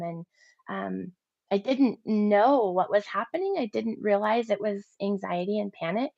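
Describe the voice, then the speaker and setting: Woman in her thirties, gravelly edge, animated personal testimony, dry dull lo-fi sound. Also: mid-range voice, measured pace, no room sound. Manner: animated storytelling, voicing her own past thoughts. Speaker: interview guest.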